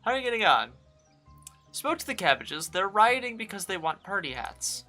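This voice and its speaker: A man narrating his own game, exasperated and joking as he goes. His voice is bright and fairly high, and faint game music plays behind him. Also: big pitch swings, moderate pace. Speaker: gaming YouTuber. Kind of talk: let's-play commentary.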